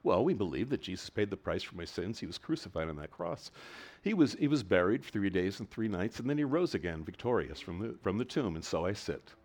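This man, a pastor, delivers an animated sermon in a low voice at a slightly quick pace, restarting phrases often and swelling in volume for emphasis.

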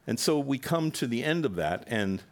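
A man's voice: mid-range voice, sing-song, moderate pace. A man preaching a sermon to his congregation in a conversational way, now and then acting out quoted voices with rising animation. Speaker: pastor.

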